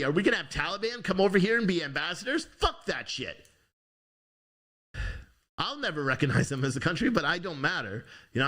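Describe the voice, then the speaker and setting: A man's voice: a little high, bright, forceful tone. A young man hosting a news show, ranting angrily with swearing and frequent restarts. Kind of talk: angry political commentary.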